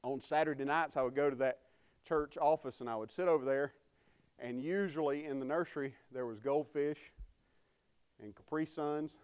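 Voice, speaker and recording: Man, pastor, folksy sermon storytelling, crowd call-and-response, smooth tone. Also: fairly high pitch, fairly even intonation, moderate pace, darkish tone. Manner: folksy storytelling preacher, calls for congregation response.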